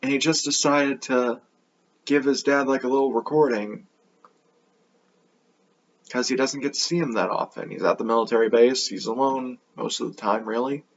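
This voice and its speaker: A man's voice: medium pitch, fairly even intonation, moderate pace, pauses often, lo-fi sound, a little hiss or hum. A man hosting an anime review video, talking in a casual, offhand, rambling way with a sarcastic edge.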